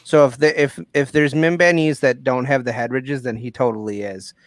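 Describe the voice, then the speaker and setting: A man with a mid-pitched voice joins a casual reaction chat as a panelist, making quick, matter-of-fact corrections. His voice sounds dry and close to the mic. He speaks plainly, without putting on any show. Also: steady tone, no echo. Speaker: guest panelist.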